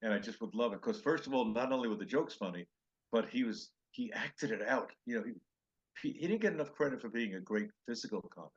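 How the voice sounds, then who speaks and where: An older man, a comedian guest, telling animated show-business stories in an interview and acting out the quoted lines. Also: on the low side, fast talker, husky, highs cut off. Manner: animated anecdotes with acted-out quotes. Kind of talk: storytelling interview chat.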